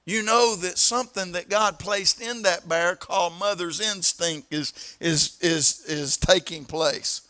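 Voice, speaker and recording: A pastor from the southern United States with an East Tennessee accent, preaching a sermon in a storytelling way, repeating words and stretching out key phrases. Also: male voice, high voice, unhurried, few pauses, sharp tone. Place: church sanctuary.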